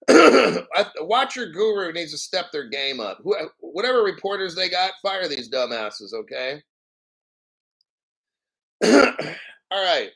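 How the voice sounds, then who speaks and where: A man's voice: high-pitched, sing-song, takes it slowly, pauses often, fairly bright tone, low-quality recording. Brash, profane male crypto streamer. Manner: brash, profane, mocking, clears throat often. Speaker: crypto YouTube host. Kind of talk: live-stream rant.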